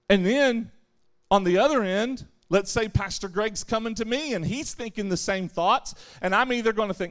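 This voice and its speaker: A man preaching a sermon to young people at a camp, lively, acting out the voices he quotes and answering his own questions. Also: high-pitched, normal speed. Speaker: camp speaker.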